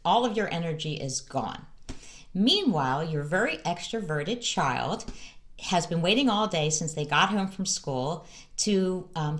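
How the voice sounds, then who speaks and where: Vlog host, middle-aged woman, low voice, very animated delivery. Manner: lively, animated storytelling with acted-out quotes. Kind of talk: casual advice vlog.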